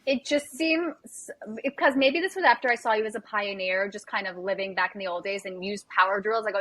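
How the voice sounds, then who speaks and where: Bright chatty woman host. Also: medium pitch, brisk, no room sound. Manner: chatty, quotes herself often. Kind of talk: casual chat.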